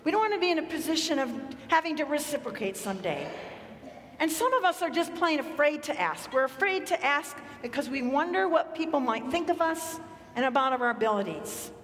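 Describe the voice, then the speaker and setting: A woman's voice: sits high, lively intonation, fairly quick, fairly bright tone, a little hiss or hum. A woman pastor preaching a sermon in a conversational, storytelling way. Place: church sanctuary. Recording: echoey church hall.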